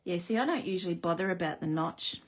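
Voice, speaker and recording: Woman, live craft demo host, chatty, self-deprecating, slightly low voice. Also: lively intonation, fast, a little hiss or hum. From Australia. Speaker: card-making host.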